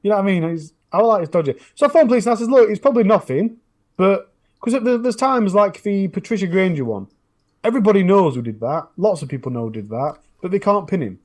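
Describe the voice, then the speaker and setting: Rambling northern English man, higher voice. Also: animated, fast talker, darkish tone. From northern England. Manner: rambling storytelling with frequent restarts. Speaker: true crime YouTuber, podcast regular. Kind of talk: casual podcast chat.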